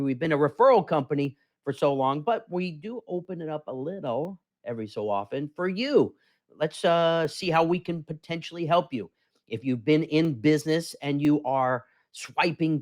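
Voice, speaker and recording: Male host, upbeat sales pitch to camera, a little higher voice, animated. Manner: animated, talks to the viewer, acts out customers' questions.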